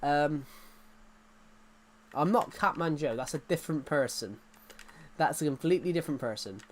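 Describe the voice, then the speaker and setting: A man's voice: on the high side, animated, moderate pace, slight background noise. Rambling, joking male streamer. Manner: rambling, joking, chatting to viewers. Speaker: live streamer. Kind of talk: casual gaming live-stream chat.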